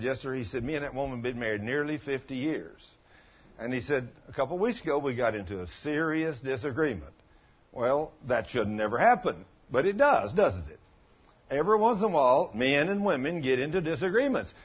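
A man's voice: mid-range voice, husky, lo-fi sound. A man in his late sixties preaching a sermon in a folksy, conversational way, telling stories and asking the congregation questions. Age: 60s. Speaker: pastor. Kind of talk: sermon with storytelling.

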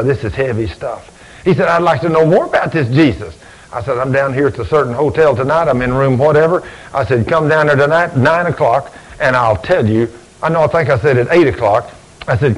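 A man's voice: a little high, low-quality recording. A man preaching a sermon in a folksy storytelling way, acting out conversations. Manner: folksy, acts out both sides of conversations. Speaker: preacher and deacon.

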